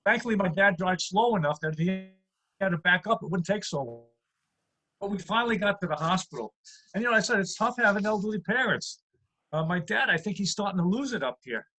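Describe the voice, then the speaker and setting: A comedian delivers deadpan one-liners in a high voice. He is heard through a computer mic on a video call from home. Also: brisk, low-quality recording. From USA. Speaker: stand-up comedian. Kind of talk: stand-up routine.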